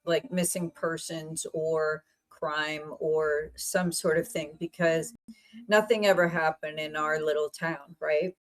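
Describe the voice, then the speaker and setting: Podcast host: a woman from central Pennsylvania with a lowish voice, rambling but lively storyteller. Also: slow, poor audio. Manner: chatty, meandering, animated. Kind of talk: casual storytelling chat.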